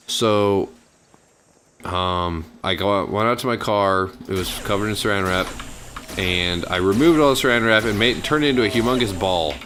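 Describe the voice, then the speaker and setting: Over gameplay, a gaming channel host tells a long, meandering story in a lowish, somewhat bright voice, with slight background noise behind him. He's casual and full of fillers, and he acts out what others said.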